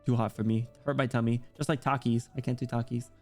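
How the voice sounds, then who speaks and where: A man's voice: mid-range voice, level tone, fast, a little mellow, faint music behind. A man streaming and chatting casually with his viewers, rambling and poking fun at himself. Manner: rambling, self-deprecating, joking.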